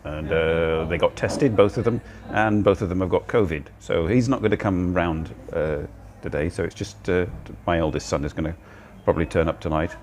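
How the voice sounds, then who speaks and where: Chatting aimlessly as he eats, an older livestream host broadcasts from a cozy cafe using a phone on a handheld gimbal. His voice sits low and a little mellow at a normal speed, with a bit of hiss or hum in the audio.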